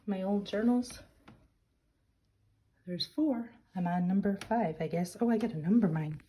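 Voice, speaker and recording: Filming on a handheld camera, a middle-aged craft and journaling vlogger walks through her home office a little out of breath, chatty and full of self-deprecating remarks. Her voice is medium-pitched and dark-toned, at a measured pace.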